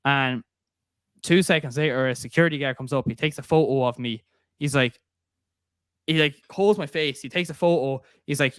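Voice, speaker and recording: A young man with an Irish accent hosts a casual podcast, telling stories with easy laughter. His voice is smooth and resonant, recorded close and dry with no room sound. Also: medium pitch, moderate pace, a bit bright, no room sound. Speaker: podcast host. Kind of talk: casual podcast chat, storytelling.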